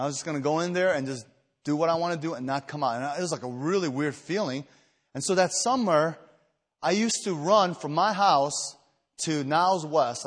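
A man from the Chicago area preaching an evening retreat sermon, earnest and emphatic, telling personal stories with many fillers and restarts, and growing louder and higher when stirred. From Chicago area, USA. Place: retreat meeting hall. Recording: echoey hall reverb.

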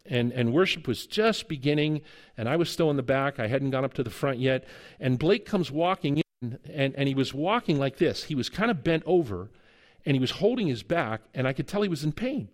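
A man's voice: mid-range voice, animated, a little fast. A middle-aged male pastor giving a conversational sermon, telling stories and acting out the dialogue in them. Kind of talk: sermon with storytelling.

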